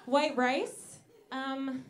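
A young woman doing a stand-up comedy set on a club stage into a handheld mic, with a deadpan delivery and slow pauses. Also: high voice. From Italian-American family. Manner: deadpan delivery, slow pauses, sudden shouted outbursts in put-on voices.

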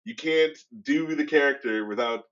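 Bright, halting man on a lo-fi mic. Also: medium pitch. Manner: halting, many fillers and restarts. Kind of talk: casual chat. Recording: dull lo-fi sound.

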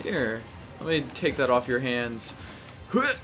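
A young man talks through his own gameplay in a loose, excitable way, with sudden yelps and taunts aimed at the characters on screen. His voice sits at an ordinary pitch, and game music plays faintly underneath. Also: a little slow. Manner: animated, talks to the game, frequent exclamations. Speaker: gameplay commentator. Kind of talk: casual live gameplay commentary.

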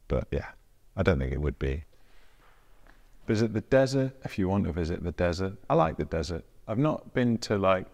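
A visual artist with a darkish bass voice casually walks through his own works in a gallery. He rambles and thinks aloud with hedges, using dry, self-deprecating humor.

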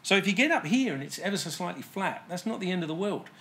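A man's voice: high voice, lively intonation, fast talker, a bit bright, slight background noise. Methodical male guitar tech explaining. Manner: plain, methodical, with many um and uh fillers. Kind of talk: technical explanation.

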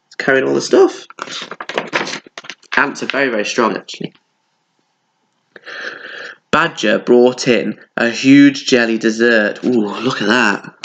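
A man's voice: mid-range voice, measured pace, gravelly, pauses often, a bit bright, slight background noise. A male primary school teacher with a British accent reads a story aloud to children, stopping for chatty asides. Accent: British English. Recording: dull lo-fi sound.

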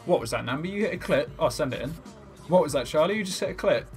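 A man's voice: fairly high pitch, expressive, quick pace. Young man, rowdy sweary gamer banter, impressions, faint music behind. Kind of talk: comic impressions over gameplay commentary.

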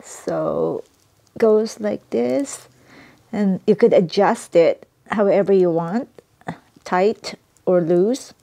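A woman vlogger chatting casually as she unboxes a gift, excitable and giggly, gushing as she goes. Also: medium pitch, takes it slowly, gravelly.

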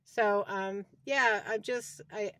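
A woman's voice: mid-range voice, steady tone, slow, bright, forceful tone, no room sound. A woman in her sixties talking to her followers in a heartfelt, rambling way. She often repeats herself and keeps thanking God between thoughts. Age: 60s. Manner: openly devout, praising God between thoughts. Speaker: vlogger giving a personal health update. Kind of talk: casual talk to camera. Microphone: phone.

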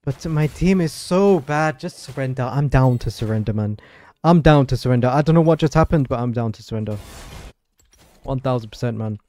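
A man's voice: mid-range voice, expressive, brisk, mellow. A man streaming his live gameplay with frustrated, swearing commentary, often chanting words over and over. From Europe.

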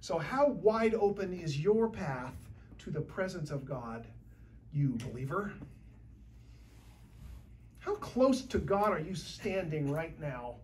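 A woman preaching a sermon in a church, talking in a conversational, lively way with shifting loudness. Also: fairly low pitch, far from the mic, slight background noise.

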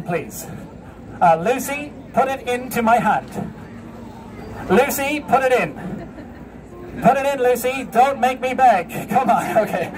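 A man doing a comic street show, joking and bossing his volunteers around. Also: very high voice. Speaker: street performer. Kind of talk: street show patter with crowd. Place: outdoor street show in a city. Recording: distant outdoor crowd recording. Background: crowd laughing and street noise.

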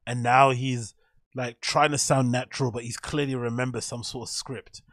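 Male reaction host, mid pitch, dry close mic, loose and sweary. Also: little pitch movement, moderate pace, a bit bright, no room sound. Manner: swears freely, rambling and joking. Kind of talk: casual reaction commentary.

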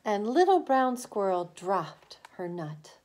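Preschool teacher, woman, mid-pitched, storybook read-aloud for kids, very slow and expressive. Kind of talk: reading a picture book aloud to children.

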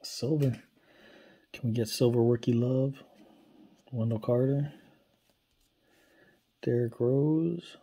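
A man opening basketball card packs on camera, commenting quietly and casually as he goes. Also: steady tone, slow, pauses often, husky. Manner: low-key, talks quietly while handling cards.

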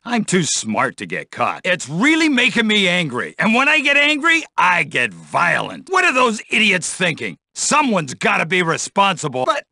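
A corrupt, bullying middle-aged cop for a video game, sneering and menacing. His voice sits high and swings widely, with a sharp, tense edge. The studio sound is dry and close. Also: wildly swooping pitch, moderate pace, creaky, few pauses, no room sound, heavily acted. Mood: smug, then angry taunts. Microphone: studio mic.

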